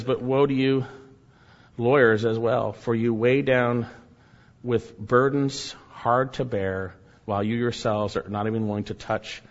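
A man preaching a sermon, emphatic, repeating key phrases and swinging between loud and soft delivery. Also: mid-range voice. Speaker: pastor. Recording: dull sound with long hall reverb.

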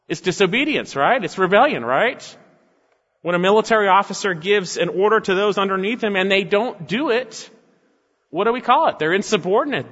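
A man's voice: on the high side, a bit bright. Man, pastor, expository sermon, emphatic, rhetorical questions, slightly dull sound, echoey church hall. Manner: emphatic, repeated rhetorical questions ending in "right?".

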